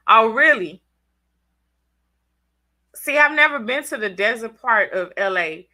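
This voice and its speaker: A woman's voice: on the high side, animated, a little slow, bright, forceful tone. A congested woman with a Southern US accent, hosting a casual live stream, chatting in slang and teasing viewers by name. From Southern United States. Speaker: channel host reading live chat.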